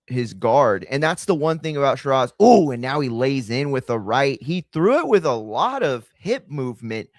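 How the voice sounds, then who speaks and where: Streamer, male, easygoing slangy fight talk, dry close mic, mid-pitched voice. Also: no room sound. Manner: loose, slangy, chatty, addresses chat directly. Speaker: watch-party streamer and fight commentator. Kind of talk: casual live-stream commentary.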